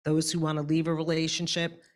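Woman, panelist, low voice, deliberate, emphatic, long lists. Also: monotone. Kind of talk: panel discussion remarks.

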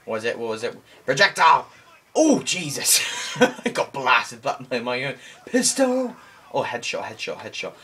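A young man giving excitable let's play commentary, shouting exclamations and making sound effects while he plays. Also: mid-range voice, moderate pace, husky. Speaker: gameplay commentator.

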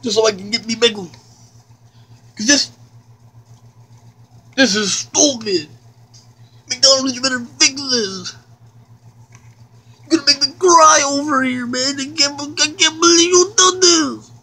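A man's voice: very high voice, a little slow, long pauses, sharp tone, exaggerated voice. A man voicing a whiny fat man who rants and complains, close to tears, in a comedic rant to camera. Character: whiny fat man ranting, easily upset.

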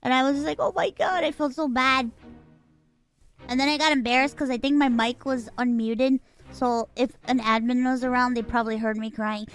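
Woman, very high voice, chatty and giggly, casual game stream talk. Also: fairly bright tone, faint music behind. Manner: chatty, giggly, quick to laugh. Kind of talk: casual gameplay chat.

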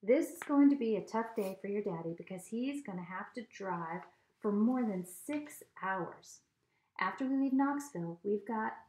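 A woman reading as a brisk, organized mother. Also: medium pitch, a little mellow, lo-fi sound, natural voice. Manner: brisk, matter-of-fact planning. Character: organized, planning mother of a family. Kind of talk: storybook read-aloud. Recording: echoey room.

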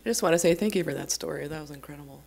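A woman's voice: sits low, rapid-fire, vocal fry, a little mellow, slightly rough. A young woman telling a personal story at a church service, chatty and rambling, with many fillers. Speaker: congregation member sharing a story. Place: church sanctuary.

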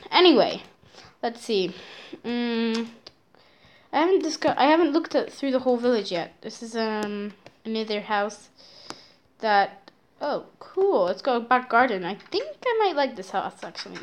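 High, lively woman gaming commentator. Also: normal speed. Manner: excitable, dramatic, often addresses viewers as guys. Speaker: channel host playing a survival game. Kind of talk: let's-play game commentary.

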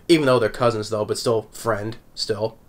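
A man's voice: fairly low pitch, steady tone, moderate pace. A man recapping an anime episode in a casual, rambling way, chuckling often between thoughts. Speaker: anime reviewer.

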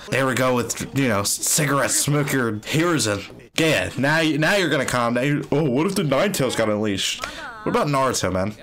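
A young man hosting an anime reaction video. He is excitable and slangy, swears freely and gets openly emotional. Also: medium pitch. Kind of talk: live reaction commentary.

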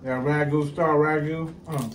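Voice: steady tone, measured pace. A person joking and bantering over a shared meal, teasing with a bouncy voice. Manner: teasing, jumps high when joking. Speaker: co-host at the meal. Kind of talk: playful banter while eating. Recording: echoey, distant mic with faint noise.

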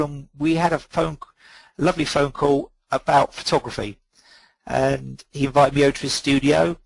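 A man's voice: medium pitch, fairly even intonation, moderate pace, gravelly, husky, no room sound, rough recording. A middle-aged man, a photographer guest on a webinar call, telling rambling anecdotes full of ums and quoted dialogue. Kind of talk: relaxed anecdotal storytelling.

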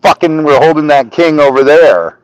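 A man's voice: on the high side, normal speed, no room sound, muffled recording. A man guest on a podcast, telling casual stories about a friend with swearing and laughter. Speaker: podcast guest, reptile keeper. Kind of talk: casual storytelling.

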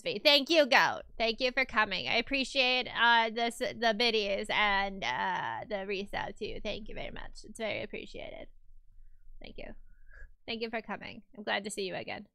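A bright, crisp-voiced woman streaming live, chatting with her viewers as she draws. Her pitch leaps around in an animated, playful way, and she laughs easily and reacts loudly to comments. The sound is close and dry on a desk microphone. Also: no room sound. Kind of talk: casual live-stream chat while drawing.

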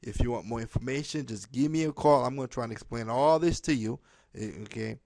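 Man, mid-pitched, pleading, repetitive, direct-to-camera appeal, dry close mic. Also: brisk, a little mellow, dry recording. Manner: pleading, repetitive, tags okay on most lines. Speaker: home business promoter.

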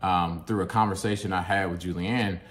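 Earnest Kentucky man preaching, low voice. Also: fairly even intonation, a little fast, fairly bright tone. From Kentucky, USA. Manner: earnest, peppered with "amen?" and "right?". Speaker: guest speaker, psychologist. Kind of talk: sermon-style teaching.

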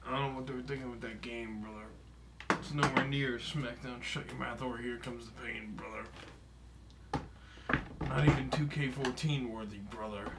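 A man's voice: mid-range voice, steady tone, moderate pace, very noisy, close to an everyday voice. A man voicing a boastful, broke, aging male pro wrestler for comedic gameplay commentary, swearing often, chuckling and calling everyone brother or dude. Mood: grumbling. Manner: tacks brother or dude onto nearly every phrase.

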